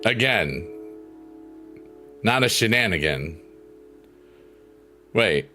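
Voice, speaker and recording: A man's voice: medium pitch, big pitch swings, slow, pauses often. A middle-aged man hosting a livestream, chatting casually and reading comments aloud in a goofy, joking way. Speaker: livestream host. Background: soft piano music.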